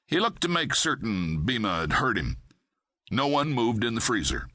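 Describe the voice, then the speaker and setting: A man narrating a crime thriller audiobook in a steady, measured way. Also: medium pitch, no echo, studio quality.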